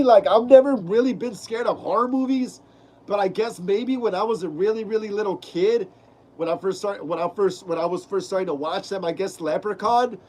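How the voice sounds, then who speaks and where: A man's voice: high voice, a little mellow, poor audio. A young man hosting a casual live stream, reading out viewer comments in laid-back slang with lots of fillers.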